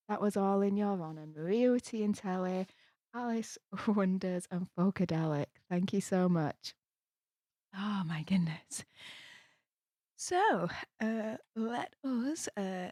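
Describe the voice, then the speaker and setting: A British woman hosting a live stream at night, talking low and quietly but bubbly and gushing. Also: animated, unhurried, no room sound, clean studio sound. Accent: British English. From United Kingdom. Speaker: livestream host. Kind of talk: casual live-stream chat, hushed. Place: home room at night.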